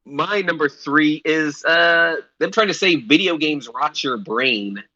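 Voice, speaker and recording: A man's voice: on the high side, takes it slowly, pushed and bright, dull audio. A man co-hosting a podcast in casual chat, dropping dry wisecracks and swearing. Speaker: podcast co-host.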